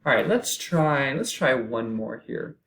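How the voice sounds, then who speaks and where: A man's voice: mid-range voice, sing-song, a little slow, fairly bright tone, slight background noise, low-quality recording. A man teaching a recorded music lesson, explaining patiently and counting beats aloud. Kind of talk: recorded lecture.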